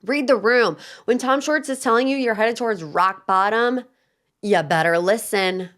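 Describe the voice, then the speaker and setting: A young woman talks through reality TV drama as a podcast host, chatty and sassy, with hot takes. Her voice sits at an ordinary middle pitch for a woman. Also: normal speed, fairly bright tone. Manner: chatty, sassy, acts out quotes in shifted voices. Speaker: pop culture podcast host. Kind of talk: casual opinionated commentary.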